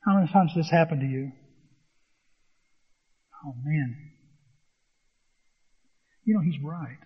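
Man, sermon, acts out dialogue, high-pitched, muffled recording. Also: takes it slowly, breathy edge. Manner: animated storytelling, acts out dialogue. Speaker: pastor. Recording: dull, long reverb in a hall.

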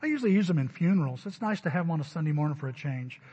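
A man preaching a Sunday sermon as pastor, emphatic and rising to loud stresses. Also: a little high, lively intonation, rapid-fire, slightly rough. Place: church sanctuary. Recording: dull recording with long hall reverb.

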